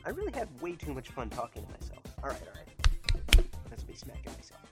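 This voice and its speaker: A man's voice: a little high, huge pitch swings, brisk, over music. A man voicing lines in a fan audio drama, joking and self-mocking between takes. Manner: playful, self-mocking, exclaims a lot. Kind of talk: bloopers and line readings.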